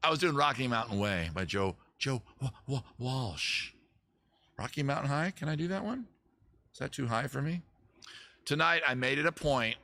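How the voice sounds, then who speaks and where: A man hosting a casual livestream, rambling and self-mocking with deadpan asides. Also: medium pitch, moderate pace, vocal fry, no room sound. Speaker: livestream host. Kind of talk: casual livestream chat between songs.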